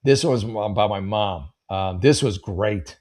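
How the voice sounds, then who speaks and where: A man's voice: on the low side, measured pace, darkish tone. A man hosting a comedy show, reading letters aloud and riffing with rambling, wry asides. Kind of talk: casual comedic commentary.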